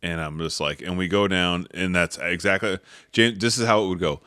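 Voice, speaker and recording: A man's voice: sits low, normal speed, clear, resonant tone, dry recording, clean studio sound. A man co-hosting a podcast, telling a hunting story casually with swearing and acted-out bits. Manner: animated storyteller, swears, acts out others' lines. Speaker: podcast co-host.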